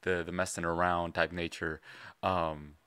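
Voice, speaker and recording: A man's voice: low-pitched, level tone, a little slow, bright, forceful tone, smooth, no room sound, clean studio sound. A man from Illinois giving casual reaction commentary, analytically breaking down rhyme schemes. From Illinois, USA. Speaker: reaction video host.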